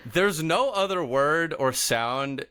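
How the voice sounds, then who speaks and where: Animated young man with a lively voice. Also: fairly high pitch, takes it slowly, clean tone, dry recording, studio quality. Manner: animated and enthusiastic, laughs often. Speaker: podcast co-host. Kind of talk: casual chat.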